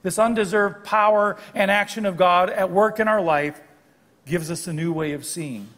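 A man's voice: sits high, moderate pace, fairly bright tone, in a large hall. An older man giving a guest sermon in a church, explaining scripture in a conversational way and correcting himself now and then. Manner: explanatory, conversational preaching with small self-corrections. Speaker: guest preacher. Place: church sanctuary.

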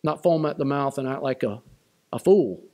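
A man's voice: medium pitch, lively intonation, moderate pace, dark tone. A man preaching a sermon as pastor of his church, emphatic and repeating key lines. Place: church sanctuary.

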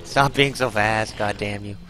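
A man's voice: lowish voice, fairly even intonation, unhurried, fairly bright tone, faint music behind, low-quality recording. A man giving live gameplay commentary, exclaiming, groaning and swearing as he fights a boss. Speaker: gaming channel host.

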